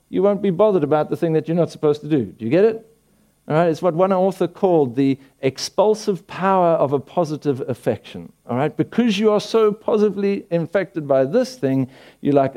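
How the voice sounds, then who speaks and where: A man's voice: high-pitched, animated, fairly quick, warm tone. A pastor preaching a conversational sermon to his church, with frequent restarts and rhetorical questions. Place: church hall.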